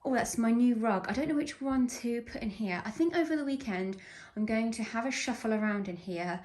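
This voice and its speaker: A woman's voice: on the high side, lively intonation, fairly quick, a little mellow. Chatty young woman vlogging at home. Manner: chatty, rambling, laughs often. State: out of breath. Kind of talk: casual vlog chat. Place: home, walking between rooms. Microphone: handheld phone camera.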